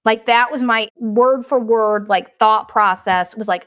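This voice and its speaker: A woman's voice: fairly high pitch, measured pace, a bit bright, no room sound. Casting note: frank woman in her thirties, blunt and candid, swears freely, dry close sound. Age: 30s. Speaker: podcast host. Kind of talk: candid personal monologue.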